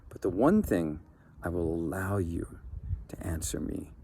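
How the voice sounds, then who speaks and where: A man voicing a huge, cold, vengeful male genie in a told story, giving calm low threats. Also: a little slow. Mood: menacing. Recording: background noise.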